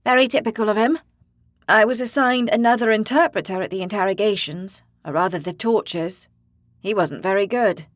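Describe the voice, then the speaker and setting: A woman narrator voicing a determined young woman warrior in an audiobook, speaking with forceful confidence. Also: medium pitch, normal speed, dry recording, clean studio sound, lightly acted. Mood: defiant. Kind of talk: audiobook character voice.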